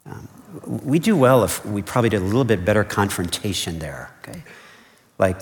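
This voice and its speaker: A man's voice: fairly low pitch, lively intonation, a little fast, slight background noise. A man preaching a sermon as pastor, earnest and conversational, repeating his key points and checking in with "okay?". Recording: long reverb of a large hall.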